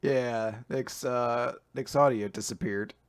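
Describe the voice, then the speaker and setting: A man co-hosting a casual manga podcast, animated and quick to laugh. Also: mid-range voice, clean tone. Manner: animated, laughs often, bursts into mock British voices. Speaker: podcast co-host. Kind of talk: casual chat.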